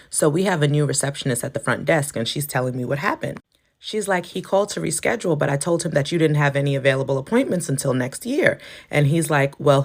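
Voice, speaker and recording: Low-voiced woman telling a clinic story. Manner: lively, acts out the dialogue. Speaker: healthcare provider. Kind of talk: casual storytelling to camera.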